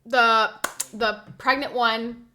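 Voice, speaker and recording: A young woman streaming live, chatting casually with her viewers, venting gossip and reacting to the chat in an animated way. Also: on the high side, slow, slight background noise.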